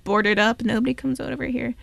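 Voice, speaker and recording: A woman's voice: fairly high pitch, fairly even intonation, quick pace, creaky, a bit bright, no room sound. A young woman hosting a casual college radio show, chatty and bubbly, on a close studio mic.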